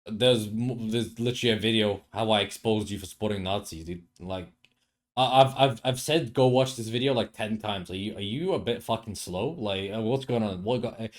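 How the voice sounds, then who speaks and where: A man's voice: lowish voice, moderate pace. A young man reacting to clips in a profane commentary video, sarcastic and mocking, often stumbling over his words. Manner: stammering restarts. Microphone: headphones and desk mic.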